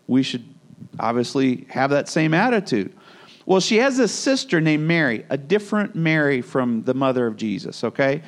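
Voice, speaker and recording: Animated preacher, man. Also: on the high side, moderate pace. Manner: conversational, animated, acts out Bible scenes. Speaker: pastor. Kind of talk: sermon.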